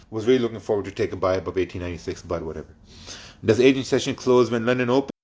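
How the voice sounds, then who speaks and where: A man with a somewhat low-pitched voice hosts a trading livestream, working through his chat in casual Q&A. He answers bluntly, swears freely, and laughs between replies. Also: darkish tone, breathy edge.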